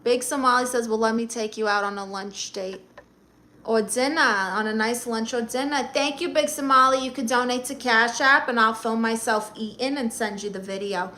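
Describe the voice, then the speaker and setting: A woman's voice: fairly high pitch, normal speed, bright, forceful tone, a little hiss or hum. A middle-aged woman with a Brooklyn accent, hosting a live stream and reading chat comments aloud with blunt, sassy comebacks.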